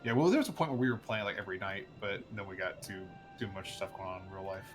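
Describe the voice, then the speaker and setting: A man's voice: low voice, lively intonation, fast talker, over music. A man streaming a game, talking casually in a nasal voice, joking and breaking off his own sentences. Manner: self-interrupting, joking. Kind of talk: casual gaming chat.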